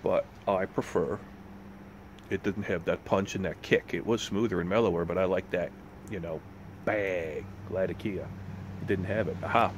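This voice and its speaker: A man with a very low, deep voice rambles through a casual vlog, restarting sentences and dropping curses as he goes. Faint road noise hums behind him. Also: fairly even intonation, normal speed. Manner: rambling, profane, self-correcting. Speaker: pipe tobacco vlogger.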